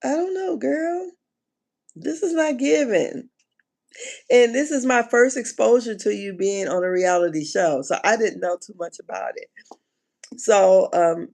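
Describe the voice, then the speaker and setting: A woman chatting casually on a live stream, animated and slangy, often laughing and exclaiming. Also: mid-range voice. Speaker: reality TV commentator.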